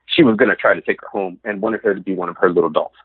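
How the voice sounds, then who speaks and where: A man's voice: deep voice, rapid-fire, husky, no echo. A man telling a story as a podcast guest, acting out every quoted line. He comes through a narrow, phone-like line. The sound is dry and close. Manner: animated, acts out quoted lines.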